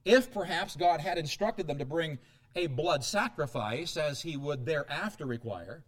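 A middle-aged pastor preaching with a high, lively voice. He swings from hushed asides to sudden loud outbursts, his pitch leaping and dropping as he drives each point home. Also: unhurried. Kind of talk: sermon.

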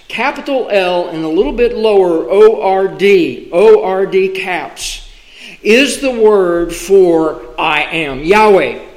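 A man preaching from the pulpit, his voice sitting high and unhurried. He spaces his words with deliberate, emphatic pauses. The sound carries the echo of a church room. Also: darkish tone. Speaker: pastor. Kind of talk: sermon. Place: church sanctuary.

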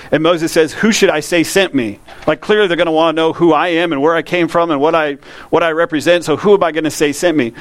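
A man, a pastor preaching a conversational sermon that slows down to read scripture. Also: fairly high pitch, no room sound.

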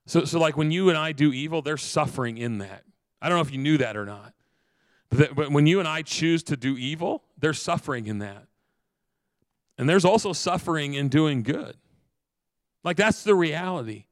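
A man pastor giving an earnest sermon, repeating phrases and slowing down for emphasis. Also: a little high, expressive, no room sound.

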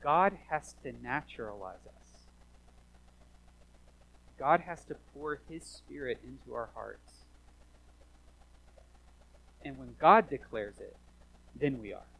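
A man preaching a sermon as pastor, animated, swinging from hushed asides to loud emphatic lines, in a church. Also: mid-range voice, slow, gravelly, long pauses, husky, low-quality recording.

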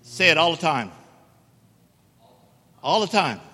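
A man's voice: a little high, big pitch swings, slow, bright, forceful tone. A middle-aged man preaching a sermon in a church, emphatic and joking with the congregation. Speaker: guest preacher. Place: church sanctuary. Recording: echoey church hall reverb.

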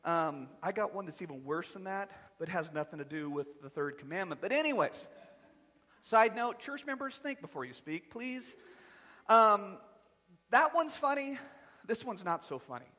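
A man preaching a sermon as pastor, animated and conversational with touches of humor. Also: sits high, moderate pace, big-room sound. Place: church sanctuary.

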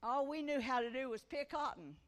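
A woman's voice: sits high, expressive, fairly quick. A woman, preaching a testimony sermon at a women's conference, folksy storytelling that swells into fervent preaching. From Missouri. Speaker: guest preacher. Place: church conference hall. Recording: echoey church hall.

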